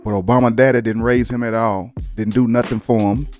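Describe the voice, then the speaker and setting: A man's voice: mid-range voice, fairly even intonation, fairly quick, a little mellow, faint music behind. A man hosting a reaction commentary show, speaking emphatically and building into heated, cursing rants. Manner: emphatic, rising into heated preaching, curses. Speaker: show host.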